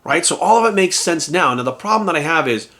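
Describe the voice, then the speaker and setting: At home, a man plays a bodybuilding coach in a casual vlog rant, animated and swearing constantly with rhetorical asides. His voice is a little high and his pace quick.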